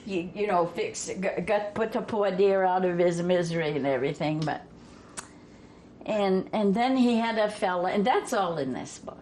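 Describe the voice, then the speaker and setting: A woman's voice: lowish voice, moderate pace, a little mellow, a little hiss or hum. An older woman from Vermont, telling family stories in a casual, folksy way and laughing along with them. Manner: folksy, laughs through her own stories. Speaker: storyteller guest.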